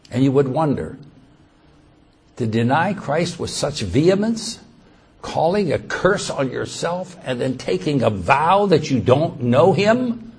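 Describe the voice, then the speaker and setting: A man preaching a sermon, slow and emphatic, who reads scripture aloud and grows louder when quoting it. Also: mid-range voice, creaky, husky.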